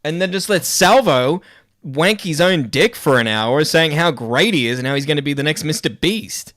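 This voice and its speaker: A man's voice: fairly high pitch, expressive, normal speed, fairly bright tone, no echo, studio quality. A man hosting a casual live stream chat, swearing freely and laughing often. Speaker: podcast host.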